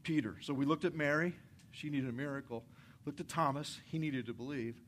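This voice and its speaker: A man, a pastor, preaching a conversational, energetic sermon in a church, repeating his phrases for effect. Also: a little high, a little fast, slight background noise. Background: soft guitar music.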